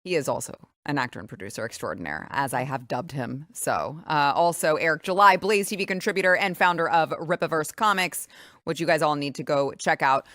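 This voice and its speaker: A woman's voice: deep voice, fairly quick, fairly bright tone, no echo, clean studio sound. A woman in her thirties hosting a political talk show, chatty and joking with many fillers. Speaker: show host.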